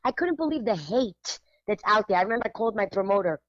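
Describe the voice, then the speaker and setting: A woman's voice: mid-range voice, fast talker, no room sound. Emphatic lo-fi woman chatting on radio. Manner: lively and emphatic, laughs often, switches into Spanish phrases. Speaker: art show curator and radio co-host. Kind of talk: casual radio chat.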